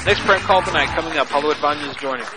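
A man hosting a radio prank-call show, talking in loud, crude, laughing banter. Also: fairly high pitch, very fast, loud music behind the voice, over a noisy crowd, low-quality recording.

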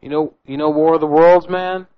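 A man's voice: fairly high pitch, steady tone, a little fast, clean tone. A man hosting a prank-call show in casual comedic banter, pushy, with "man" tacked onto his lines. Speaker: radio show host making prank calls. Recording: dull lo-fi recording with music behind.

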